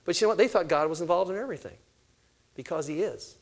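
An older man giving a sermon-style talk on parenting, animated, asking his listeners questions and answering them himself. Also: on the high side, fast. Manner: animated, acts out family conversations. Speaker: parenting speaker.

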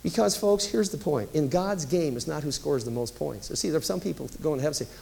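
A man delivers a sermon with a slightly raised pitch and a gravelly edge to his voice. He preaches in a chatty, storytelling manner, pushing key points with emphatic rises. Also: animated, quick pace, hardly any pauses, darkish tone, a little hiss or hum, poor audio. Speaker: pastor.

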